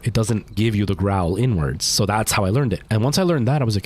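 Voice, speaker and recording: A man's voice: fairly low pitch, expressive, a little fast. A man livestreaming a game, chatting casually and rambling to his chat while he plays. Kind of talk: casual gameplay stream chat.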